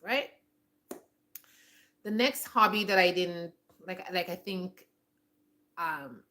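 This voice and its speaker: A woman in her forties talking in a casual, reflective monologue, rambling and restarting her sentences often. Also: lowish voice. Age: 40s. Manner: rambling, with many restarts and "like" fillers. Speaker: homestead vlogger.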